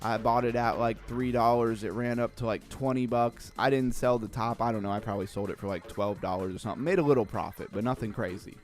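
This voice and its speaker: A man's voice: fairly even intonation, fast talker, hardly any pauses, soft background music. Chatty man hosting a crypto livestream. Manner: chatty, reads chat messages aloud, trails off into low mumbles. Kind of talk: casual live-stream chat.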